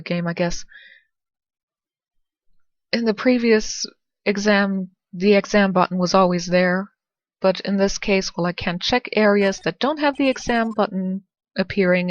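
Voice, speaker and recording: A woman's voice: mid-range voice, dry recording, highs cut off. A woman giving casual, dry, sarcastic commentary while playing through a game and reading its dialogue. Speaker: let's play narrator.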